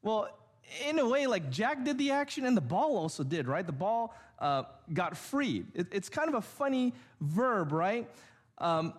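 A man's voice: high-pitched, sing-song, a little slow. A man preaching a sermon, explaining a point step by step with examples and checking in with the congregation often. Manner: restarts and fillers when searching for words. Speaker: pastor. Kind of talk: sermon teaching.

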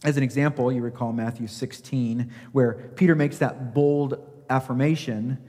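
A man's voice: medium pitch, fairly even intonation, moderate pace, dark tone, in a large hall. A man preaching a sermon as pastor, emphatic, asking his listeners rhetorical questions and acting out scripture quotes.

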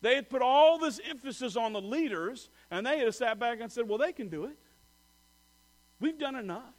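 A man preaching a sermon as a pastor, telling stories and acting out quoted voices, swinging from loud to soft. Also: very high voice, expressive, moderate pace.

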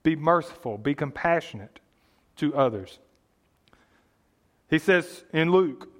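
A man's voice: fairly high pitch, lively intonation, slow, long pauses. A man preaching a sermon, earnest and emphatic, reading scripture aloud and explaining it plainly.

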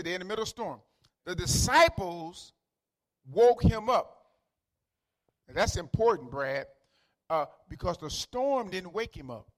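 High, bright-voiced preacher with dialect. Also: male voice. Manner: conversational, repeats words, calls out to listeners by name; swings from quiet asides to loud emphatic lines. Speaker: pastor. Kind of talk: sermon.

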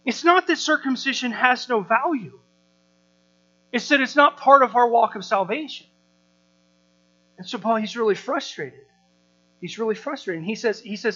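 A pastor in his thirties delivers a sermon with a bright, forceful voice, animated and full of rhetorical questions and repeated words. The recording is dull and lo-fi, with a mains hum underneath. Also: very high voice, moderate pace, long pauses.

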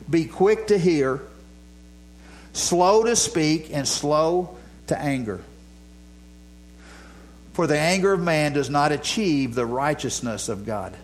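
A man preaching a sermon in a plain, conversational way, repeating his phrases to drive points home. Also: on the high side. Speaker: pastor.

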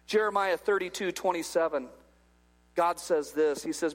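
A man's voice: fairly high pitch, normal speed. A male pastor preaching a humorous, conversational sermon in a church, acting out little dialogues as he goes. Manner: jokey, acts out little dialogues. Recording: long hall reverb.

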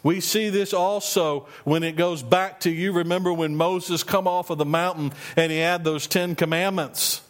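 In this sermon, a male pastor with a slightly high voice and fairly even intonation reads scripture slowly, then talks through its meaning as if in conversation.

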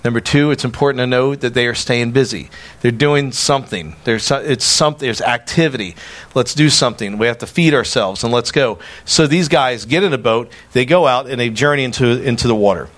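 A pastor preaching a sermon in a conversational way, often repeating words and telling personal stories. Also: male voice, medium pitch, brisk, fairly bright tone.

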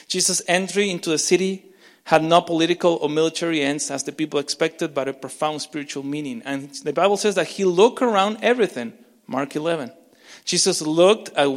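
Guy pastor preaching, kinda high voice, gets loud then real quiet, stumbles and repeats, big echoey church. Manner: impassioned, swinging between loud urgency and hushed emphasis; repeats words and restarts mid-phrase. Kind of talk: sermon. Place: church sanctuary. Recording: long reverb of a large church.

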